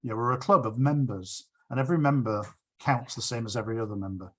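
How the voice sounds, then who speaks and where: A man's voice: mid-range voice, fast talker. A man speaker answering audience questions after his talk, earnest and agreeable, often restarting his sentences. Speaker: guest speaker.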